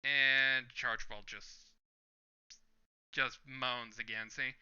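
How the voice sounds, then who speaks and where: A man's voice: mid-range voice, little pitch movement, extremely slow, long pauses, pushed and bright, clean tone. A man hosting a manga reaction video, describing each panel in turn and reading the lines aloud in a casual way, in a slightly dull lo-fi recording. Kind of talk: casual manga read-along commentary.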